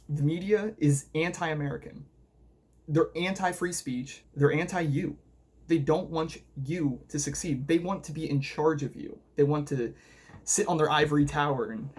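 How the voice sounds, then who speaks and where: Husky-voiced man, sarcastic and combative. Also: a little high. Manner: mocking, combative, rapid-fire rhetorical questions. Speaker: political commentary video host. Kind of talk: sarcastic political video essay narration.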